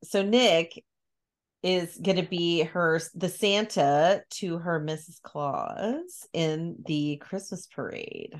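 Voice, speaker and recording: Woman, slow unhurried delivery, casual podcast chat, animated storytelling, acts out character lines. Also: lowish voice. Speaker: podcast co-host recapping a book.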